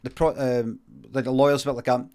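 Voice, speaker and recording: A man's voice: medium pitch, fairly quick, clear, resonant tone. Sweary Scottish man spinning a tall tale. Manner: deadpan, sweary, rambling. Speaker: comedian streamer. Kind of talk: improvised comic storytelling.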